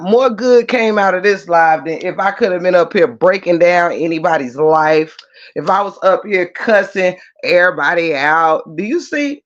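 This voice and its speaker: A man hosting a livestream, talking casually and in an animated, preachy way straight to his viewers. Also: high voice. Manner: animated preachy talk, addresses viewers directly. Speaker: livestream host. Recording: muffled lo-fi stream audio.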